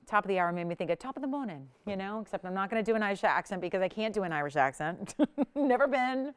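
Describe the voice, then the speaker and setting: A woman's voice: mid-range voice, lively intonation, quick pace, smooth. A woman hosting a live jewelry shopping show, chatty and enthusiastic, laughing often as she sells.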